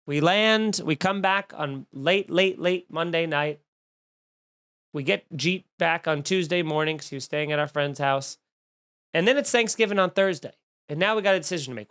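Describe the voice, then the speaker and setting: A man in his thirties, a comedian on his own podcast, rants through a story with mounting mock outrage. He swears freely, piles up repeated words and swings between deadpan asides and loud indignation. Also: high-pitched, brisk.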